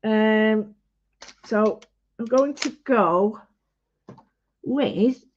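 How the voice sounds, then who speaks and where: A woman giving a casual painting demonstration, chatty and halting with many fillers as she talks through each step. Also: medium pitch, darkish tone, slight background noise. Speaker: art tutorial host. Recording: dull lo-fi home recording.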